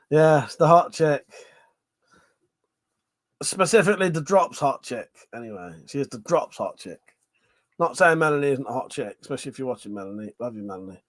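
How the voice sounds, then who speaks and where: A man's voice: mid-range voice, sharp tone. A man hosting a live stream, chatting casually with viewers and laughing often between jokes and swearing.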